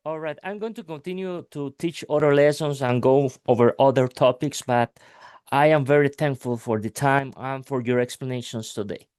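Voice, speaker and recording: A man of middle pitch, teaching English in an unhurried, hesitant way full of fillers. He speaks slowly and deliberately, working through examples. The recording is dry and close. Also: a little mellow, smooth, no room sound. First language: Spanish. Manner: hesitant, many fillers, slow deliberate phrasing. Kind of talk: casual language lesson.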